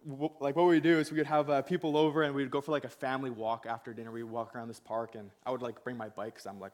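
A man's voice: medium pitch, racing. A young man preaching in a casual storytelling way, laughing at himself and acting out the people in his story. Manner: laughing, self-mocking, acts out quoted voices. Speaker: pastor.

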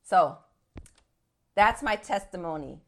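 A woman's voice: lowish voice, lively intonation, slow. A woman in her fifties telling her faith testimony as a story, acting out the voices in it and growing fervent near the end. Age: 50s. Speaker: speaker giving a testimony.

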